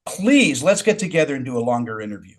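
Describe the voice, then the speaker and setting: A man's voice: mid-range voice, very animated, quick pace. A man hosting an interview over a video call, eager and agreeable, with frequent restarts. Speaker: interview host. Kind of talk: casual interview.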